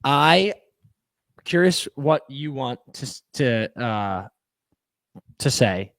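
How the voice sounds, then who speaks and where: An animated young man breaks down hockey for his podcast, tripping over his own restarts as he gets worked up. His voice sits in a middle register, recorded close and dry with no room sound. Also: mid-range voice, no echo. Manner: animated, swearing, quick restarts. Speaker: podcast co-host. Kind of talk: casual sports chat. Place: podcast studio.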